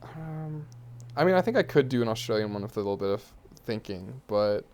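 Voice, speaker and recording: A man's voice: fairly low pitch, animated, a little fast, darkish tone. A man co-hosting a podcast in casual chat, hesitant with dry humor. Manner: hesitant, many ums and restarts, dry humor. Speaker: podcast co-host.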